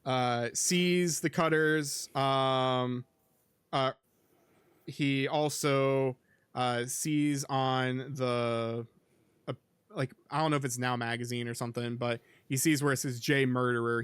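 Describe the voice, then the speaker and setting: A man hosts a casual podcast and rambles through a film recap, padding it with fillers. His voice is smooth and clear at a middle pitch. The sound is dry and close. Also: steady tone, slow, fairly bright tone, no echo. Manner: rambling, filler-heavy, with many ums and likes. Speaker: podcast host.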